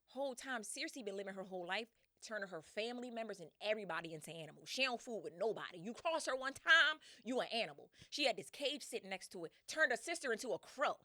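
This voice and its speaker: Casual female podcast host, bright tone, slangy and animated, quick to laugh. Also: a little high, no echo, studio quality. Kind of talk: casual storytelling.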